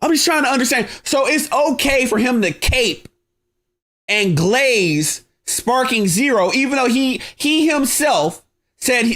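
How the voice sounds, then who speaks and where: A man hosting a livestream, ranting in a combative, mocking way with slang and sudden rising shouts. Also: very high voice, lively intonation, measured pace. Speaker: livestream host. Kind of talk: heated livestream rant.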